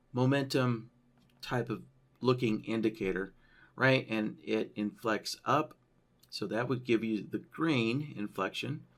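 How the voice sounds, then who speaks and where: Man, software tutorial walkthrough, unhurried, low voice, thinking aloud. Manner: loose, thinking aloud, frequent "right?" tags. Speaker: software trainer. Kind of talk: screen-share tutorial walkthrough.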